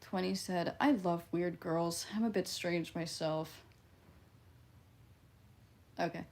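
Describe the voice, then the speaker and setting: Woman streamer, Midwestern twang, fry-heavy voice, casual and profane. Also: fairly low pitch, fairly even intonation, takes it slowly, a little mellow. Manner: blunt, offhand and profane, laughs often. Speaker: livestreamer. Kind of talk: casual livestream chat, reading viewer comments.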